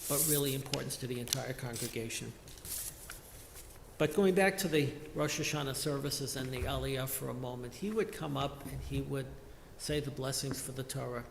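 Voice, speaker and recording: A man giving a measured, reflective funeral eulogy as a lay service leader in a large synagogue sanctuary. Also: mid-range voice, vocal fry, slight background noise. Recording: echoey hall with long reverb.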